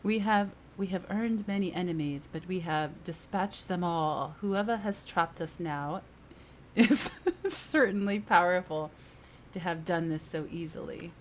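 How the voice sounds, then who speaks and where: A woman's voice: on the low side, unhurried, slight background noise, lightly acted. A woman voicing a stern adult woman adventurer in a put-on British accent, reading game dialogue in a formal, declamatory way. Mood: resolute.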